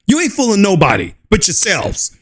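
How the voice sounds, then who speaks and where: High-voiced man ranting with scorn. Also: huge pitch swings, normal speed, a bit bright, husky. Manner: mocking, scornful, laughs often. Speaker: channel host. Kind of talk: ranting commentary video.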